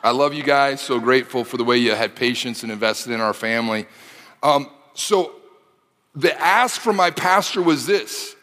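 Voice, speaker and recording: A man preaching a sermon, telling a personal story with animated delivery that rises to shouting at the exciting moments. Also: mid-range voice, moderate pace. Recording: long hall reverb.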